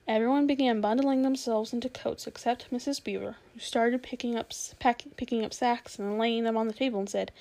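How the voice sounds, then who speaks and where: A woman reading a children's novel aloud in a measured, expressive way. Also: a little high, poor audio. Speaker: storyteller.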